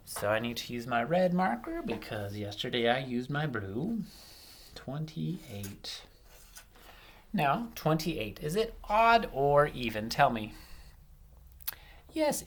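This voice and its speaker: A man teaching an online lesson to young children, slow and deliberate, playful and animated, stretching out his words. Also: a little high, a little hiss or hum. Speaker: primary school teacher.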